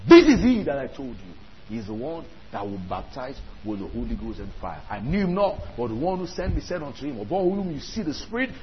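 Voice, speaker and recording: A man preaching a sermon, emphatic, repeating lines and putting questions to his listeners. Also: medium pitch. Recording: dull lo-fi sound with faint ambience.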